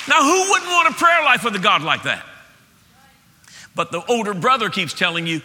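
Animated preaching man in echoing hall. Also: sits high, normal speed, pauses often, husky, a faint crowd. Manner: animated preaching, acts out voices, swings from loud to hushed. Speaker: pastor. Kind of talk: sermon. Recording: long hall reverb.

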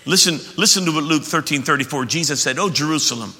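A man preaching a sermon as pastor, emphatic and animated, often restarting his sentences. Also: on the high side, fast talker. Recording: echoey hall.

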